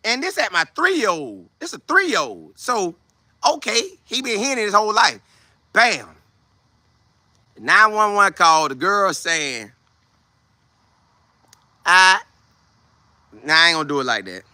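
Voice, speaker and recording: A young man hosting a podcast, giving preachy, animated commentary in a casual way. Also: high voice, normal speed, no echo. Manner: animated, preachy, acts out scenes in put-on voices. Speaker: podcast host.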